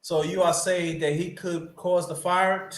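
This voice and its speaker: Animated high-pitched man, roomy sound. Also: takes it slowly. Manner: animated, swearing, trailing restarts. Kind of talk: casual football chat.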